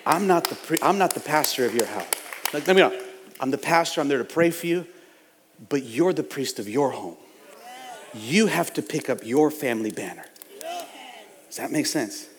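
A man preaching a fiery sermon as pastor in a church, building up to shouts and repeating his phrases. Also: medium pitch, animated, normal speed, pauses often, big-room sound, a little hiss or hum. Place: church sanctuary.

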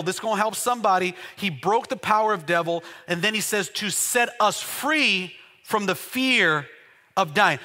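A man pastor preaching a sermon, with call-and-response shouts that build to loud exclamations. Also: high-pitched. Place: church sanctuary. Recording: long church-hall reverb.

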